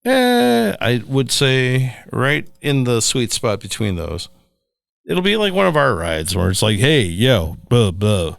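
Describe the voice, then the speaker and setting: Male co-host, wisecracking banter, average pitch, dry booth sound. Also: animated, creaky, a bit bright, dry recording. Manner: joking, quick asides and puns. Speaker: podcast co-host. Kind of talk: casual chat.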